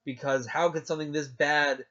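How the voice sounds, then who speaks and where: A young man co-hosting a casual podcast chat, rambling and excitable with lots of fillers. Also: on the high side, normal speed. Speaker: podcast co-host. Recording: dull lo-fi sound.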